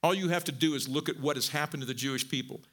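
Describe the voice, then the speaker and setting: This man preaches as a pastor at a racing pace, animated and chatty, rising from soft, low lines to booming emphatic peaks and sprinkling in folksy asides.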